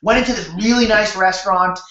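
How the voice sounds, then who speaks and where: A man from Canada hosting a sales webinar over a video call, telling his story in an energetic, repetitive way and talking straight to his audience. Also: high-pitched, fast talker. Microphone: webcam or computer mic on a video call. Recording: roomy, dull lo-fi webcam audio.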